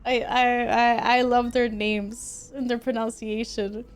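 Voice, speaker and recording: A woman's voice: on the high side, little pitch movement, measured pace. A young woman from Sweden streaming a video game at home, chatting and giggling with her viewers as she plays. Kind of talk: casual gameplay streaming.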